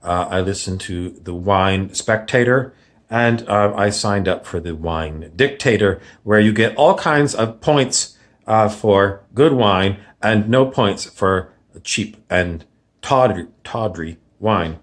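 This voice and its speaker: A man's voice: on the low side, slow pace. A man playing a pompous, would-be golf and wine expert in a comedy sketch, sounding mock-confident and snobbish.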